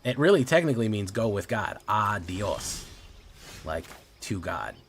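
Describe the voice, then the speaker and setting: Low-voiced bilingual male game streamer. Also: sing-song, brisk, background noise. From Latino family. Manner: bilingual, switches between English and Spanish mid-game; loose and profane, with frequent "um" and "like". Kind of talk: casual game-stream commentary.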